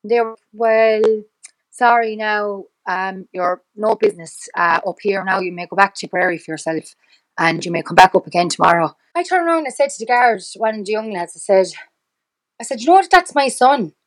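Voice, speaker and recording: A woman's voice: medium pitch, low-quality recording. Irish woman retelling events in a rush. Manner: fast, halting retelling that acts out past dialogue, with many restarts. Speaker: podcast guest. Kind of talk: personal storytelling in conversation.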